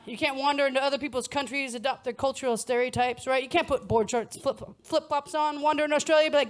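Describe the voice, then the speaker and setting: A woman's voice: sits high, fast talker. A middle-aged American woman with an American accent performing a stand-up comedy set, with a punchy, wry delivery and laughing at her own jokes. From United States. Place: comedy stage before a live audience. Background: faint audience laughter.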